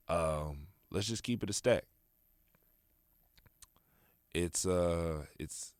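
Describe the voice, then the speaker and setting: A young man hosts a casual solo podcast, rambling in a laid-back, slangy style full of fillers. His low-pitched voice sounds clean, with no echo and studio quality.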